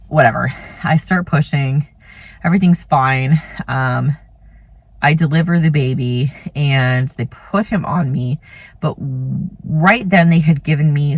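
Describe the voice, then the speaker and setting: A woman in her thirties, a vlogger and mother, tells the story of giving birth in a low, husky voice with no echo. She's casual, chatty, and rambling, her speech full of "like" and "you know."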